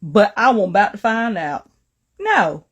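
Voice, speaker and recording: An older woman, a grandmother, telling a story about her grandchild in a casual video, in an animated, emphatic way. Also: medium pitch, unhurried, breathy edge.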